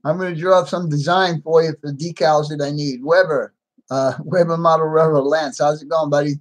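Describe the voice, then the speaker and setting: A man's voice: a little high, steady tone, a little fast, low-quality recording. A middle-aged man from the United States hosting a live stream, chatting casually and greeting each viewer by name with frequent laughs.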